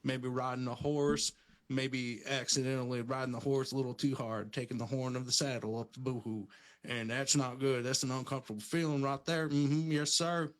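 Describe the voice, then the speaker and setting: A man putting on the slow, drawling voice of an old Western rancher. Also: medium pitch, steady tone, close to an everyday voice.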